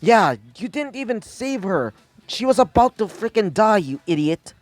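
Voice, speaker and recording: A man's voice: a little high, sing-song, a little slow, a little mellow, no echo. A man voicing a brash, hot-headed teenage boy who swears and speaks bluntly. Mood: scornful.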